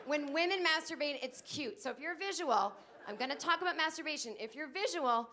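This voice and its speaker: A woman in her late thirties doing a stand-up comedy set on a club stage, acting out other people's lines in shrill put-on voices. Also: lively intonation, fairly quick, sharp tone, slight background noise. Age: 30s.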